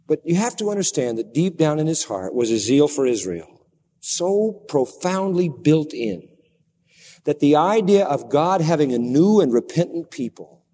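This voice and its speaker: A man preaching a sermon in a dramatic, animated way that plays up the story for his listeners. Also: on the high side, breathy edge. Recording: long hall reverb.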